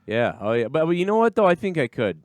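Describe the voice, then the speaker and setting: A man's voice: on the high side, very animated, fast talker, no room sound, studio quality. A man hosting a podcast in casual chat, joking and incredulous, often laughing. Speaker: podcast host.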